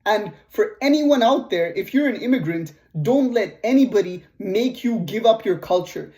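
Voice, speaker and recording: A man's voice: sits high, animated, moderate pace, darkish tone. A man with a Canadian accent telling a personal story in a casual vlog, blunt and profane. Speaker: vlogger.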